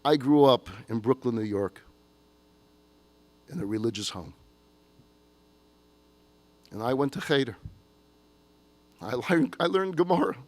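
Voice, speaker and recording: A gruff elderly grandfather, once an army man, opens his heart in a heartfelt, confessional way, as a man puts him on. His voice sits at an ordinary middle pitch for a man. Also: lively intonation, unhurried, pauses often, close to an everyday voice. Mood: tender confession.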